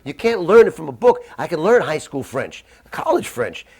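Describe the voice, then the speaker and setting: Guy teaching a jazz masterclass, slightly high voice, chatty and animated, dry room. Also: normal speed, breathy edge. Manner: animated, conversational, quips and acted asides. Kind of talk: masterclass lecture. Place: dry room with little reverb.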